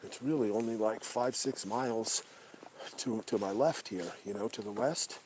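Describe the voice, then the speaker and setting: A man hosting a livestream outdoors at night, talking casually and swearing a lot, often dropping to a hushed whisper. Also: lowish voice, moderate pace, slight background noise. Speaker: livestream host. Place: outdoors at night in brush by a creek.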